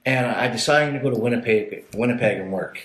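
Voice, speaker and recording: A man's voice: mid-range voice, a little fast, fairly bright tone, slight background noise. A man from Canada, a podcast guest, telling his life story in blunt, profane, casual talk. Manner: blunt and profane, acts out voices in his stories. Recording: echoey room.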